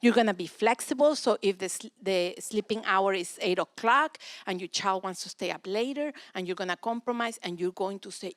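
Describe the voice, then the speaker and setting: A woman's voice: mid-range voice, normal speed, hardly any pauses, no echo, clean studio sound. Russian-born woman teaching parents. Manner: animated storytelling, acts out children's complaints. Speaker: church speaker on parenting. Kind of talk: teaching talk to a congregation.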